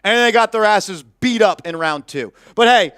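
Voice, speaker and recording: A man with a high, smooth, clear voice hosts a sports talk show. He rants bluntly and with heat, and he swears freely. The recording is dry and close, with no room sound. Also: animated, normal speed, fairly bright tone, no room sound. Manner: heated, blunt ranting with swearing. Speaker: host.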